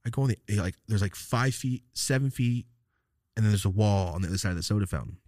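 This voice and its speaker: A podcast host with a lowish, darkish voice tells a rambling, profane story in casual conversation, talking fast. The recording is dry and studio quality.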